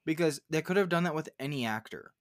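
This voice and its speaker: A man's voice: fast, no echo. Chatty man with dry close sound. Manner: animated, gets loud and high when annoyed. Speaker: podcast co-host. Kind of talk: casual chat.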